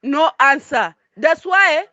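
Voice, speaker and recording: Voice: high-pitched, lively intonation, takes it slowly, sharp tone, no room sound. A foreign resident giving an impassioned monologue in broken English, repeating points emphatically. The recording is dull and lo-fi.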